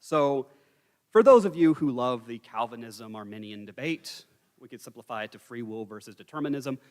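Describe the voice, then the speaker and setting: A man's voice: mid-range voice, animated, normal speed, darkish tone. Wry man teaching in a reverberant church hall. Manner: conversational, wry asides and humor. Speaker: Bible study teacher. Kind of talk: Bible study teaching. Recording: church live stream with long hall reverb.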